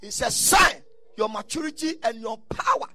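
A man preaching a sermon, telling stories and breaking into shouted bursts. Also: very high-pitched, animated, normal speed, no room sound, faint music behind. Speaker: pastor.

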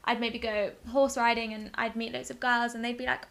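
A young woman from England chats in a friendly, agreeable way. Her voice is bright and a little high. She tells her stories in a relaxed, easy manner. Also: moderate pace, vocal fry. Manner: friendly, agreeable, frequent backchannels. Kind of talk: casual chat.

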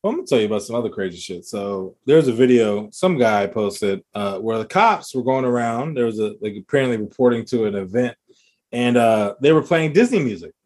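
A man's voice: medium pitch, animated, fairly quick, a little mellow. A man co-hosting a podcast, chatting casually and animatedly, laughing often and slipping into voices. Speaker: podcast co-host.

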